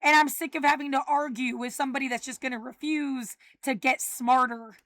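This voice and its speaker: Very high-voiced woman, bright and sharp, swearing and yelling at people, dry close sound. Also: fairly even intonation, brisk, no echo. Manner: agitated, cursing, often shouting. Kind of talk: profane angry rant.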